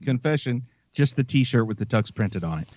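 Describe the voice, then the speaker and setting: A man's voice: mid-range voice, lively intonation, normal speed, a little mellow, dry recording, lo-fi sound. A man co-hosting a movie podcast in casual chat, wry and self-mocking. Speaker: podcast co-host.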